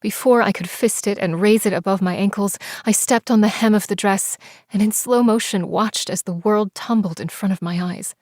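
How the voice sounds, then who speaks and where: Woman reading a dark romance audiobook, middle-pitched voice, expressive, drops into whispers, dry close sound. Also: moderate pace, no room sound. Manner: expressive, breathless in tense scenes, shifts into soft whispers. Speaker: audiobook narrator. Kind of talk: first-person romance audiobook narration.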